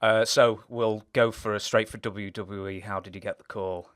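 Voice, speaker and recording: A man's voice: fairly low pitch, fairly even intonation, normal speed. A man hosting a casual interview, asking long rambling questions full of fillers. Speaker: interview host.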